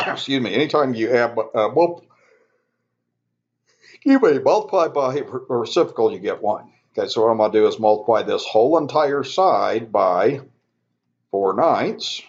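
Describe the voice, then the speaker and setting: A man's voice: mid-range voice, moderate pace. Man, math instructor, casual step-by-step lecture voice, slightly muffled lo-fi recording. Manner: relaxed, conversational, self-correcting, talks students through steps. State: yawning, sleepy.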